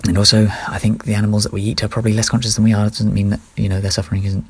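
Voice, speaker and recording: A man's voice: fairly low pitch, flat delivery, very fast, slightly rough, dry recording. A man talking through his ideas in a casual, rambling solo monologue, often correcting himself mid-sentence. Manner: rambling, self-correcting, offhand. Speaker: solo vlogger.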